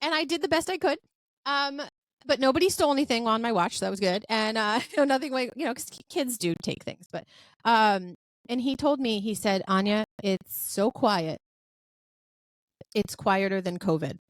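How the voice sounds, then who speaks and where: A podcast host with a slightly high voice talks a little fast, with no echo. Her casual chat is effusive and full of fillers, and she animates her stories by acting out what people said.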